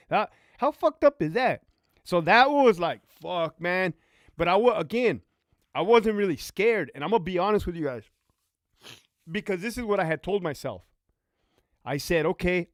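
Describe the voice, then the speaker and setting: Lively, swearing male livestream host. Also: high voice, no echo, clean studio sound. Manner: animated, profane, reads out viewer comments. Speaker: livestream host, former prison officer. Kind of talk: casual livestream chat.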